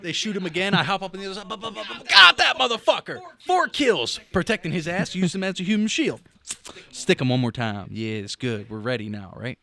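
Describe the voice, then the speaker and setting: With a bright, forceful voice on the high side, a middle-aged man co-hosts a podcast and casually relates a game story. He swears and makes sound effects with his mouth.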